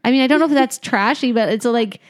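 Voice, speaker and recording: A woman's voice: fairly high pitch, quick pace. A young woman co-hosting a podcast in casual chat, rambling and laughing often. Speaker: podcast co-host.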